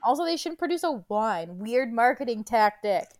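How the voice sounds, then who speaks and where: A woman in her early thirties talks in a loose, casual chat with a plain general American accent. She is blunt and quick to mock herself, dropping the odd swear. Her voice sits slightly high. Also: sing-song. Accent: none, general American. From south of Boston, raised in New Hampshire. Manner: blunt, self-mocking, swears freely.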